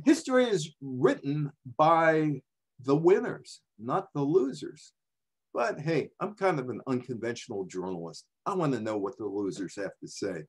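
A man's voice: medium pitch, breathy edge. A man in his seventies from the New York area, a journalist telling sports history in a chatty, digressive way. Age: 70s. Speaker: sports journalist giving a talk. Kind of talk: casual storytelling talk.

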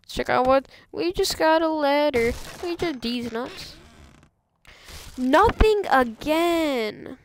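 A woman doing live gameplay commentary, goofy and excitable, often squealing and laughing at her own jokes. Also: high voice, slow, slight background noise. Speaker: game streamer.

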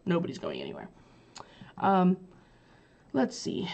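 Lady chatting through a play summary, lots of ums, gravelly fry, kinda low. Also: very animated, normal speed, long pauses, warm tone, lo-fi sound. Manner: chatty, with many fillers and paraphrased quotes. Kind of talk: casual book summary.

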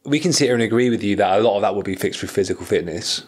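A male podcast host asks his guest follow-up questions. His voice is low and a bit husky, and he talks at a fast clip. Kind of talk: casual podcast interview.

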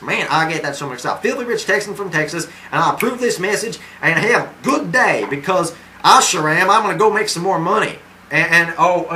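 A stingy, self-satisfied oil tycoon, played by a man for a comic video, boasts and rambles, losing his place in his own sentences. His voice sits a little high and sounds bright and tense. Faint background noise sits behind him. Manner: rambling, trips over his own words. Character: boastful cheapskate rich Texan oilman.

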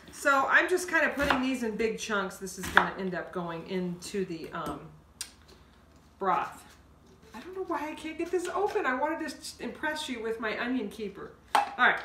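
A woman's voice: mid-range voice, background noise. Chatty woman host in an echoey kitchen. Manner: chatty, folksy, talks through each step. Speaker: home cooking show host. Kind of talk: casual cooking demonstration. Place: home kitchen. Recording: echoey kitchen, mic a bit far off.

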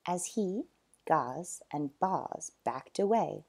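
A woman reads a children's storybook aloud at an unhurried pace. Her pitch swoops up and down as she performs the story, and she punches out loud sound effects. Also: animated, husky.

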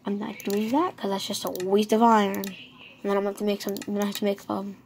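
A woman giving casual, excitable commentary while she plays a game, talking to herself. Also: mid-range voice, brisk, a little hiss or hum. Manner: chatty, excitable, talks to herself. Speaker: gamer.

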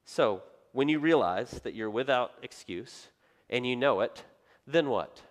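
A man, a pastor, preaching a sermon and telling the story in a lively way, acting out the voices he quotes. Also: mid-range voice, measured pace.

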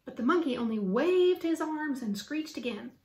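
A woman teacher reading a children's book aloud with lively, expressive storytelling. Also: sits high, normal speed. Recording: roomy echo.

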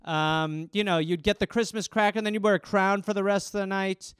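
A man's voice: high voice, flat delivery, fairly quick, a bit bright, smooth, no echo, clean studio sound. A man hosting a comedy podcast, riffing in a rambling, profane way. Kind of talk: casual comedic monologue.

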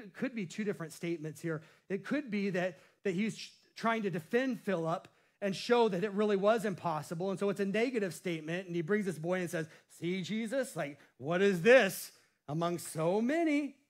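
A male pastor preaching a sermon with a playful style, cracking jokes and laughing at himself. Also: high voice.

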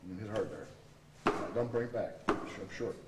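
At a martial arts seminar, a man coaches his students while demonstrating technique, his voice fairly low and his pace moderate. He was recorded from a distance on a camera mic in an echoey training hall, and the audio is noisy.

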